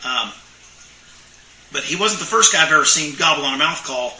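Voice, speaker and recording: A man's voice: fairly high pitch, animated, moderate pace, sharp tone. A middle-aged man who makes turkey calls, reading viewer questions aloud and answering in a plainspoken, rambling way with lots of fillers. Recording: echoey room, mic far off.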